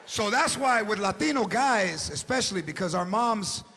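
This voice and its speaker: A man doing stand-up comedy, loud, brash and profane, dropping Spanish phrases, on stage at a large venue. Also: sits high, expressive, moderate pace. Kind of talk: stand-up routine. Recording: live show with crowd laughter and noise.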